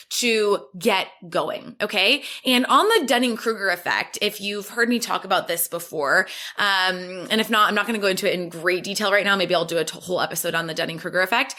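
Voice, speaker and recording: A woman's voice: medium pitch, bright, forceful tone. A woman hosting a solo business podcast, giving an upbeat, encouraging talk and acting out her clients' anxious inner voices. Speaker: podcast host and business coach.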